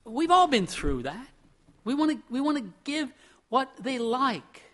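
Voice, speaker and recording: Bright high-voiced male pastor preaching. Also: big pitch swings, unhurried. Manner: storytelling, conversational, with chuckles. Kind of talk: sermon.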